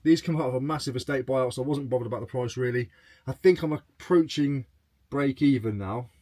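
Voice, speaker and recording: A man's voice: mid-range voice, brisk, dark tone, no echo. A man chatting casually to camera as a reselling vlogger, joking as he goes through his sales. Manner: chatty and jokey, reading out sales.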